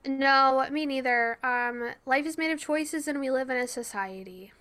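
A young woman co-hosting a podcast in casual chat, playful and quick to laugh. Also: high-pitched, bright, forceful tone, clean tone. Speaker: podcast co-host.

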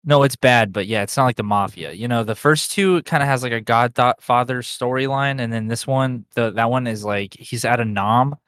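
A man's voice: mid-range voice, normal speed, few pauses, a bit bright, clear, resonant tone, dry recording, clean studio sound. A young man co-hosting a podcast, talking in a laid-back, wry way. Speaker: podcast co-host. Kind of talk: casual chat.

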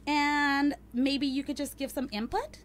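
Teasing, high-voiced woman host. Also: steady tone, measured pace. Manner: teasing, profane, joking. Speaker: podcast host. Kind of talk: casual chat, reading a date review aloud.

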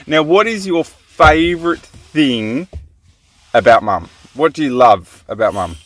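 Upbeat deep-voiced woman hosting. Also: expressive, unhurried. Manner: upbeat, coaxing, laughs often. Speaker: radio-style show host. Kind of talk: playful interview with young children.

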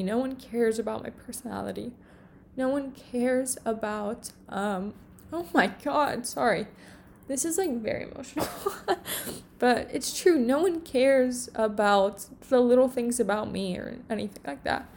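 A woman's voice: a little high, darkish tone, a little hiss or hum. A young woman, a content creator, talking alone in her room on the verge of tears, rambling with many fillers in an emotional confessional vlog. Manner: tearful, rambling, heavy on filler words. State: on the verge of crying.

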